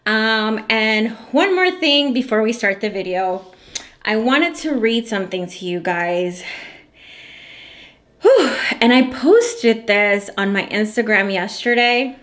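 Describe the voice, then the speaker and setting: A woman's voice: a little high, expressive, unhurried, a bit bright. A woman who makes candles and hosts her own channel, talking to her viewers in a heartfelt, effusive way. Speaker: candle maker and channel host. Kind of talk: casual vlog talk to viewers.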